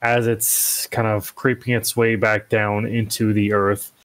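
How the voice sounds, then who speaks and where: Male player, lowish voice, casual and thinking out loud at the table. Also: flat delivery, a little slow, dry recording, low-quality recording. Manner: thinks aloud, asks questions.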